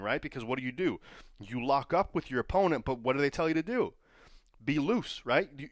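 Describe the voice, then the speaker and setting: A man's voice: medium pitch, no room sound, clean studio sound. A man who trains pro wrestlers tells stories and gives casual advice, often checking in with the listener by asking "right?". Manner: storytelling, keeps asking "right?".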